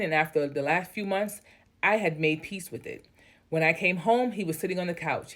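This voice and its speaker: Woman, lowish voice, blunt and candid, reads posts aloud, adds casual commentary, swears. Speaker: story reader and commentator.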